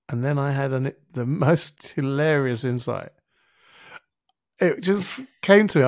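Middle-aged male podcast guest, gravelly and dry-miked, a lively storyteller who swears casually. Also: fairly high pitch, dry recording. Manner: vivid storyteller who acts out his own inner voice, casual swearing. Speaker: interview guest, helps people with their thinking. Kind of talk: reflective storytelling in a podcast conversation.

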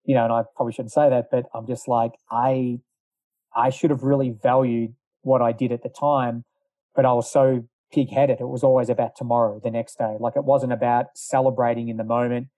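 Aussie guy in his middle years, chatty and rambling, warm low-key voice. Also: flat delivery, brisk, no room sound. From Australia. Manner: rambling, lots of fillers and asides. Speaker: former distance runner. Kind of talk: casual storytelling.

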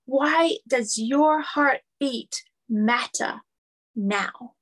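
Slow, earnest woman giving a spiritual lecture. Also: a little high, a bit bright. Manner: earnest, repetitive, building phrases. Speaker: spiritual teacher.

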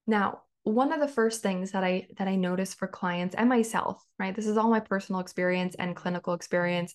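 A woman in her thirties hosting a solo podcast, talking conversationally and repeating phrases for emphasis. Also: mid-range voice. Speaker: podcast host.

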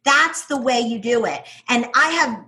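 A woman's voice: fairly high pitch, lively intonation, unhurried, pushed and bright. A woman with a New York accent, a guest in an interview, talking in an enthusiastic, emphatic way and laughing often. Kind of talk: casual interview talk.

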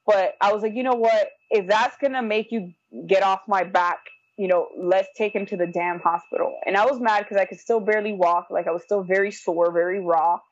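A young woman talking fast and lively, slipping into the voices of the people in her story. The sound is dry and a little dull. She sticks "like" in everywhere as she goes. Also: mid-range voice, no echo. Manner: animated, acts out quoted voices, frequent "like". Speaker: guest telling her birth story. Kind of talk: casual storytelling.

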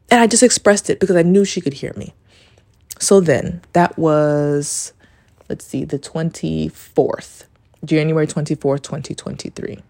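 A woman's voice: sits low, normal speed, warm tone, no room sound, studio quality. A woman hosting a casual solo podcast, telling a story in a rambling way. She fills her talk with "like" and swears casually. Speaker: podcast host.

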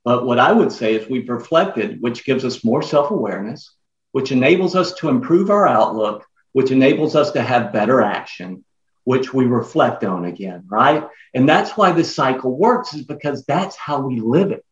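A man's voice: medium pitch, expressive, normal speed. A man guesting on a podcast interview, explaining his ideas earnestly and listing them in emphatic runs. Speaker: guest author. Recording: echoey, dull lo-fi remote audio.

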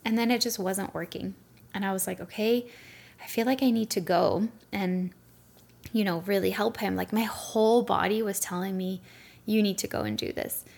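A woman's voice: mid-range voice, fairly even intonation, normal speed, gravelly, a little mellow. A young woman hosting a solo podcast, telling a story in a chatty way with lots of fillers. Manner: chatty, lots of "like" and "you know". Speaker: podcast host; Reiki practitioner.

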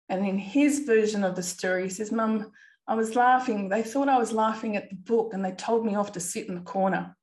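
A woman's voice: medium pitch, a little mellow. Earnest woman telling a personal story. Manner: earnest, emotional retelling with quoted dialogue. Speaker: podcast host and parent.

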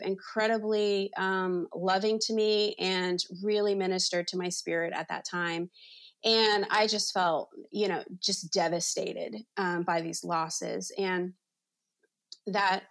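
A woman in her forties, an interview guest and ministry leader, telling a personal faith story in a chatty, earnest way with many "you know"s. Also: mid-range voice. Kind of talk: personal testimony in conversation.

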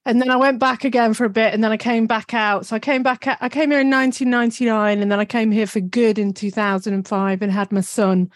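A woman in her forties with a Northern English accent, a guest on a video call, quick-witted and self-mocking. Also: on the high side, fairly even intonation, no echo, studio quality. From England, living in Australia. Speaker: guest, business coach.

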